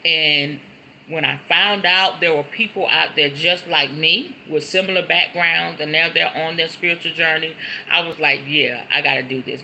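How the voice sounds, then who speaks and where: A woman's voice: low voice, bright, forceful tone, muffled recording, slight background noise. A middle-aged woman hosting a casual spiritual livestream from home. She chats directly to her viewers, repeats her words and keeps saying y'all. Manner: chatty, repeats words, often says y'all. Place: at home, in front of a decorated backdrop.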